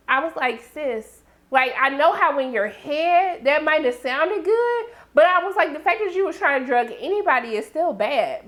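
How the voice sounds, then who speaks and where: A woman giving a sassy, animated TV episode recap, yelling in bursts and acting out characters' lines, with a sore throat. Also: high voice, moderate pace. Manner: sassy, loud outbursts, acts out characters. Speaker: TV recap reviewer.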